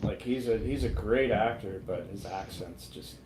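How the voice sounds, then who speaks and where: Male co-host, mid pitch, meandering talk full of "uh", echoey room, faint noise. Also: moderate pace. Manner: rambling, searches for titles with many fillers. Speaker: co-host of a film review show. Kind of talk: casual chat over drinks.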